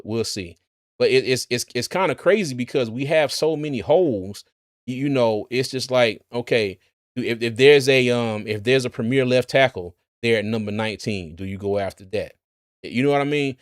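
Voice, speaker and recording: A man's voice: mid-range voice, smooth, no room sound. Chatty man, dry sound. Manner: chatty, laughs often, repeats words. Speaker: sports channel host. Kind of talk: casual livestream sports commentary.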